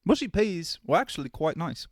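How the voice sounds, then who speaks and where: A man's voice: fairly high pitch, sing-song, brisk, dry recording, studio quality. A man co-hosting a podcast, telling stories in a rambling, casual way with lots of filler words. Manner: rambling storyteller, full of "like". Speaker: podcast co-host. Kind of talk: casual chat.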